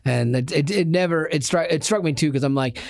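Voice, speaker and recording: A man's voice: fairly high pitch, a little fast, vocal fry, a little mellow, no room sound, clean studio sound. Chatty middle-aged male radio host. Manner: jokey, playful, chatty. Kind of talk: casual chat.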